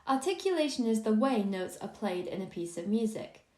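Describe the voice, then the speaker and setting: Calm woman teaching in a roomy space. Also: a little high, normal speed. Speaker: music theory teacher. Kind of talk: scripted explanatory narration. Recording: roomy echo on the voice.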